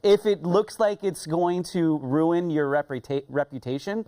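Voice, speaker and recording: A panel guest in casual chat, musing aloud with halting restarts. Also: mid-range voice, warm tone.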